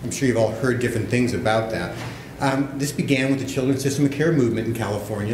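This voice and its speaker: A man's voice: mid-range voice, brisk. A man speaking as an evaluator on a conference panel, talking in a casual, joking, self-deprecating way to an audience in a large room. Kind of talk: conference talk with jokes. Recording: echoey room, background noise. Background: audience laughter.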